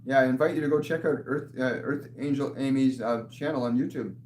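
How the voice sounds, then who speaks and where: A man's voice: mid-range voice, steady tone, brisk. Man, spiritual medium, earnest, repeats himself, echoey room, faint hum. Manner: earnest, repeats and restarts phrases, laughs softly. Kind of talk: live channeled Q&A session.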